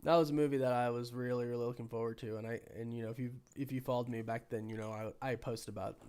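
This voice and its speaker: A man with a cold, hoarse and sniffly, hosting a casual live stream and chatting with viewers while thinking aloud. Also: medium pitch, flat delivery, fast, a little mellow. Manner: rambling, thinking aloud with many restarts. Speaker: livestream host.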